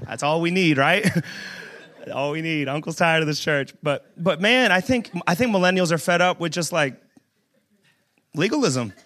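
A man leading a church service preaches in a voice on the high side, expressive and at normal speed. His sermon is conversational and funny, with jokes aimed at the room, rising to emphatic shouts.

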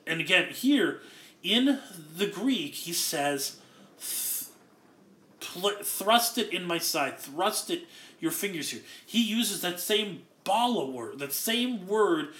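High, bright-voiced man preaching. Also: roomy sound. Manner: earnest, explains Greek word by word. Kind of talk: expository sermon.

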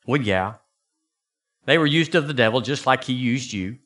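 A man preaching a sermon as pastor, folksy and animated, jumping into high bursts for emphasis. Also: normal speed, pauses often.

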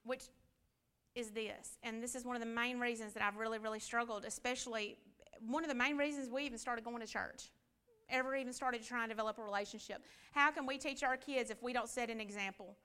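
Woman Bible teacher, high, clear voice, conversational preaching style. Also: fairly even intonation, brisk, sharp tone. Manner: conversational preaching, rhetorical questions. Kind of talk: church Bible class teaching.

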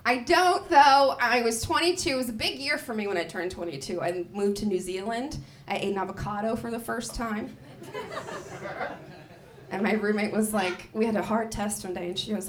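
A woman in her thirties performing a stand-up comedy set, telling stories with big swings up into loud shouts. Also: medium pitch, moderate pace, distant mic. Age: 30s. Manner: animated storytelling with big jumps to loud shouted voices. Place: comedy club stage. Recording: live club recording with crowd laughter. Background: audience laughter.

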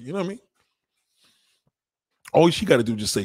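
Husky man ranting with lively pitch. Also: brisk, no echo. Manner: blunt, crude, repeats himself for emphasis. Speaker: monologue speaker. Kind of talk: casual profane rant.

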